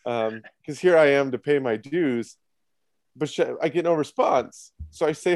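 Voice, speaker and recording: A man's voice: mid-range voice, moderate pace, a little mellow, no echo. A man, a guest on a podcast, telling a self-mocking story in casual chat. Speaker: podcast guest, head of production.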